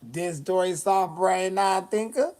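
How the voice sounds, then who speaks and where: Sassy, slow-talking man on a livestream. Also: high-pitched, darkish tone. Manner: sassy, blunt, swears often. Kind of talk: casual livestream chat.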